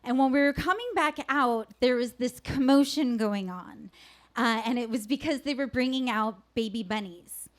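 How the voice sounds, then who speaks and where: A woman telling a personal story on stage at a live event, earnest and conversational with soft pauses. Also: on the high side.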